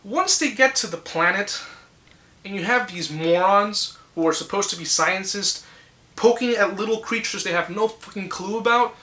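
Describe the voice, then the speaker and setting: A young man rants casually about films he dislikes, blunt and quick to swear. His voice is bright and forceful, and it bounces around an echoey room. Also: high-pitched. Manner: blunt, ranting, swears freely. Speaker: movie reviewer. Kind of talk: casual opinion vlog.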